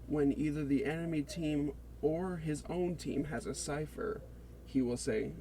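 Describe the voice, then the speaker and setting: A man reading out a scripted, deliberate presentation of a character concept for a game. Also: fairly high pitch, dark tone, slight background noise. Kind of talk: read-aloud character pitch.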